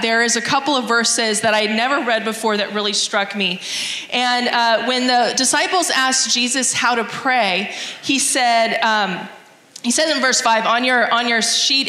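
A woman's voice: a little high, moderate pace, bright, forceful tone. A woman telling a church gathering, in an earnest and reflective way, how prayer changed her as a mother, reading scripture aloud. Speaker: mother sharing a testimony. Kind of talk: church testimony talk. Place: church hall. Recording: echoey hall, long reverb.

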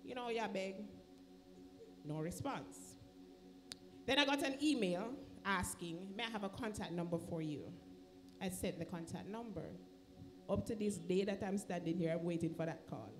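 A woman's voice: lowish voice, moderate pace, pauses often, soft background music. A woman with a Jamaican accent giving an emotional personal testimony in church, acting out the voices of the people in her story. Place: church sanctuary.

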